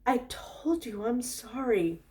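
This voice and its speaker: A woman's voice: on the high side, animated, takes it slowly, darkish tone, recorded from a distance, voice pushed up. A woman voicing a fussy, teasing male angel in a read-aloud story, with a coaxing, playful manner. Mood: pleading.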